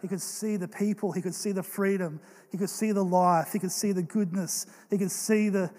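A young man delivers a sermon with earnest, animated storytelling. His voice sits high for a man. It rings out with a long reverb in a large church hall. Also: normal speed. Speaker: pastor.

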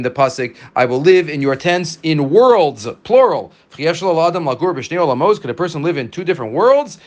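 Man giving a lively Talmud class. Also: on the high side. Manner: reads Aramaic lines then explains them in English, with many restarts. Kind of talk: casual Talmud lesson.

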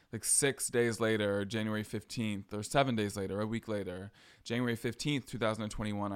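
A man's voice: lowish voice, clear, resonant tone. A young adult man hosting a podcast, telling a personal story in a casual, sassy way with slang asides. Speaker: podcast host.

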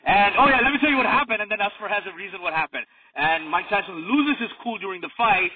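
A man's voice: high-pitched, lively intonation, quick pace, husky. A man co-hosting a casual podcast, eagerly hyping up and recounting a story. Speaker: podcast co-host. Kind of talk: casual chat. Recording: distant tinny phone-like audio.

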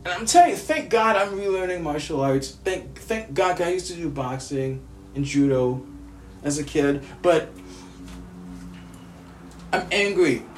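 A man's voice: on the high side, lively intonation, normal speed, echoey room, slight background noise. An angry, grieving man from the United States vents in a profane vlog rant, stammering and repeating himself. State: grieving, furious.

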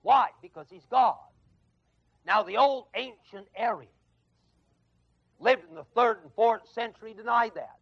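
With a very high, husky voice and vocal fry, a Bible teacher speaks at a measured pace, leaving long pauses. He's giving an emphatic lecture to an evening adult education class at a college, repeating and stressing the main phrases and chuckling over his own stories. The recording is a dull, lo-fi 1970s tape from a dry classroom.

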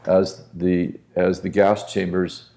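A man's voice: low-pitched, little pitch movement, slow pace, creaky, warm tone. A man speaking as a guest minister on a podcast, telling a story earnestly and with conviction.

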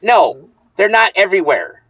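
A man's voice: sits high, wildly swooping pitch, moderate pace, fairly bright tone, slightly rough, no room sound. A man co-hosting a podcast, trading blunt, profane, argumentative banter. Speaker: podcast co-host. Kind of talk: casual banter.

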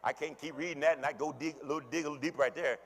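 A male pastor preaching a sermon, swinging between hushed murmurs and loud emphatic peaks, with casual asides to the congregation. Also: fairly high pitch, steady tone, racing, in a large hall. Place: church sanctuary.

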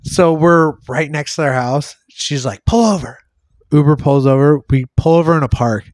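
A young man, a podcast host, spins a rambling, foul-mouthed story in casual talk, putting on the voices of the people in it. His voice sits fairly high for a man, and the sound is dry and close. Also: steady tone, moderate pace, a little mellow, no room sound. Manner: swearing, rambling, acts out quoted lines.

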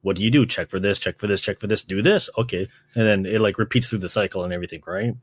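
A young man from Canada hosting a podcast, telling stories in a casual chat, swearing often and acting out quotes in a higher voice. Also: fast talker, no echo. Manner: laid-back, swears a lot, acts out quotes with a jump in pitch. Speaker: podcast host.

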